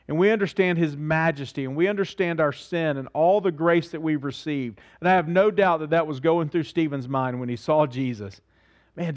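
A man preaching a sermon as pastor, speaking earnestly, asking his listeners questions and repeating phrases for emphasis. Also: on the high side.

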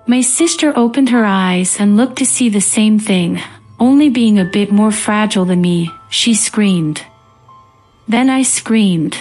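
A woman reading a first-person ghost story as scripted narration in a calm, even manner. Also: medium pitch, a little slow, soft background music.

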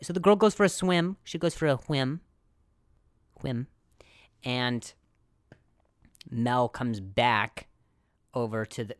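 A man hosting a podcast, telling a comic story in an animated, self-deprecating way, laughing often and jumping into high put-on voices for quotes. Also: takes it slowly, long pauses, dry recording, studio quality. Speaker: podcast host. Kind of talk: comedic storytelling.

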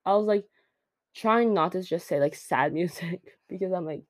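A woman's voice: fairly low pitch, brisk, a little mellow, no room sound. A teenage girl hosting her own podcast, gushing and rambling in a casual chat, full of filler words. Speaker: podcast host.

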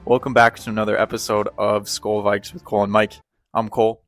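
A man co-hosting a casual sports podcast, talking excitedly with lots of fillers and restarts. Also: on the low side, a little fast, faint music behind. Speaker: podcast co-host.

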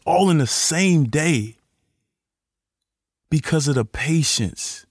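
A young man hosting a podcast, giving an animated motivational faith talk in casual slang and acting out the voices he quotes. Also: mid-range voice, dry recording, clean studio sound. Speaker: podcast host.

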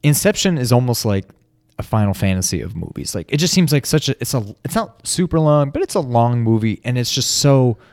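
A man's voice: mid-range voice, big pitch swings, fairly quick, a little mellow, no echo, clean studio sound. A man co-hosting a casual podcast chat, hesitant and full of restarts as he works out his thoughts. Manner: hesitant, lots of fillers and restarts. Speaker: podcast co-host. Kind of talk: casual chat about movies.

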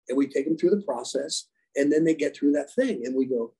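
A man who is a leadership coach and former special operations rescuer, giving animated storytelling answers in a podcast interview and acting out dialogue. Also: on the high side, fairly quick, few pauses, slightly rough, rough recording. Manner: animated, acts out quoted dialogue. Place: podcast conversation.

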